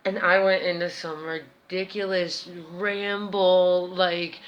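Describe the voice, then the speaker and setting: Animated American woman telling a story. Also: lowish voice, takes it slowly, hardly any pauses. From United States. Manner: animated, expressive, chatty. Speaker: vlogger. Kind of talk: casual storytelling. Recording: roomy echo.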